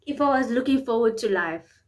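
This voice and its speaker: A woman's voice: on the high side, expressive, a little fast. Rambling, candid woman vlogger. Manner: rambling, repeats herself often; earnest and open about private matters. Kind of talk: candid personal vlog talk.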